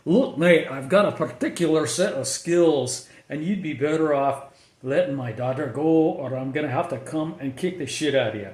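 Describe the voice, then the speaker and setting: A man's voice: a little high, moderate pace, darkish tone, echoey room, natural voice. A man putting on a menacing British ex-spy dad. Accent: British, put on. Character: British ex-spy father threatening kidnappers, cold and menacing.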